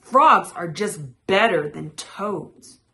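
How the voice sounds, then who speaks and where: A woman's voice: on the low side, big pitch swings, slow, exaggerated voice. A woman playing a boastful, squabbling frog. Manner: loud squabbling taunts. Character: boastful quick-tempered male frog.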